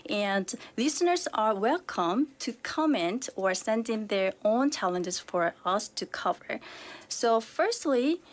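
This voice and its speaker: Calm woman therapist explaining. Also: fairly high pitch, takes it slowly. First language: Korean. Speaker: art therapist guest. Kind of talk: radio interview. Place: radio studio.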